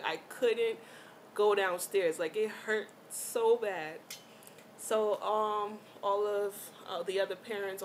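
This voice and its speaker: A woman's voice: medium pitch, slight background noise. Chatty woman telling a storytime vlog. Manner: chatty and animated, with slang and many fillers. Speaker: vlogger telling a personal story. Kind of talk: casual storytime chat.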